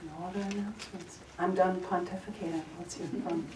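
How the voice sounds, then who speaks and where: A woman's voice: on the low side, steady tone, brisk. A woman leading a spiritual gathering, giving announcements and telling a heartfelt personal story with earnest feeling. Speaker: service leader giving announcements. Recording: echoey room, from far off, faint noise.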